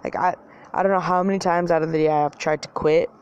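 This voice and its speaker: A woman's voice: low-pitched, fairly even intonation, fast, darkish tone, clear, resonant tone, highs cut off. A woman ranting casually to her viewers, rambling, swearing often and mocking herself. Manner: rambling, profane, self-mocking, filler-heavy. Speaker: vlogger. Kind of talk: casual rant to camera.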